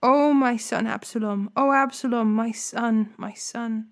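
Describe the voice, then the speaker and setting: A woman's voice: on the high side, fairly even intonation, a little slow. A woman reading the lament of a grieving old king who mourns his son. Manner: lamenting, repeated cries.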